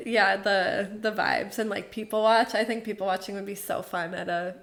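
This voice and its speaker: A young woman co-hosting a podcast, chatty and giggly, telling stories in an animated way. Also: mid-range voice, moderate pace. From Wisconsin, USA. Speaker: podcast co-host. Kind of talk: casual chat.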